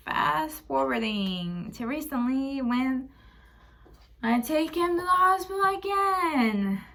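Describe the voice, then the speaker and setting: A woman's voice: sits high, lively intonation, slow pace, creaky, bright, forceful tone. A young woman telling a personal story in a rambling, stressed way, often swearing and apologizing. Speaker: vlogger.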